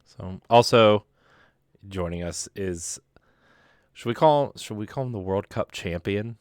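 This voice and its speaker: Low-voiced, upbeat podcast host. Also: male voice, a little slow, clear, resonant tone, no echo, studio quality. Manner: upbeat, jokey introductions. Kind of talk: casual podcast chat.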